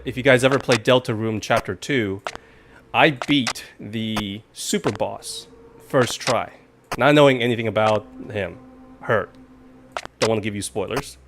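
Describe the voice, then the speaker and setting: A man's voice: mid-range voice, a bit bright. Guy rambling thru a live game stream, mid voice, yelps when spooked, noisy background hiss. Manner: rambling, chatty, jumpy outbursts when startled. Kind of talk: casual live gaming commentary.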